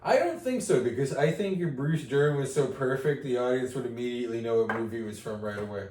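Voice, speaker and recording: A man's voice: medium pitch, lively intonation, quick pace, a little mellow. A man co-hosting a podcast, needling his friend in comedic banter and laughing as he talks. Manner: teasing, needling, laughs mid-sentence. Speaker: podcast co-host. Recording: roomy, from a distance.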